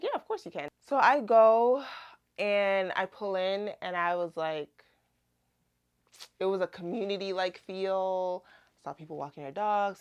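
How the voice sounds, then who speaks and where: Brief: young woman, lowish voice, casual animated testimony vlog. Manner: chatty, animated retelling with many "like"s. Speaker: Christian vlogger.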